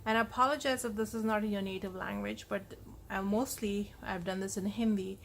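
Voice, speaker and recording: A woman's voice: medium pitch, a little hiss or hum. A woman teaching a phonics lesson on vowel sounds, explaining patiently and repeating the key points.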